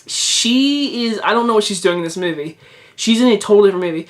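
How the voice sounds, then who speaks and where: Quick and animated, a young man with a high-pitched voice chats to camera in a movie review. He repeats himself, keeps restarting sentences, and uses plenty of fillers.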